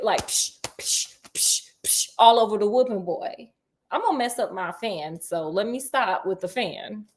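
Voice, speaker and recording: A woman casually retelling a children's book, chatty and animated with slangy, playful asides. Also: medium pitch. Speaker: storyteller.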